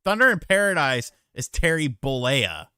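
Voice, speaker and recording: A man's voice: mid-range voice, normal speed, over a noisy crowd. A man hosting a casual livestream chat, reading donations and teasing his co-hosts. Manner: animated, teasing, swears freely. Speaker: host.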